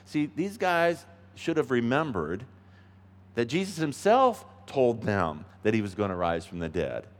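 Man, pastor, mid pitch, emphatic sermon delivery with quiet asides, long church reverb. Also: very animated, a little slow. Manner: earnest, emphatic, swings between soft asides and loud stresses.

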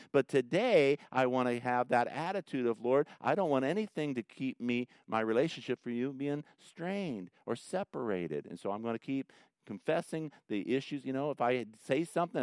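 A middle-aged male pastor giving a conversational sermon, swinging from loud emphatic bursts down to soft, quiet asides. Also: mid-range voice, dry recording, studio quality.

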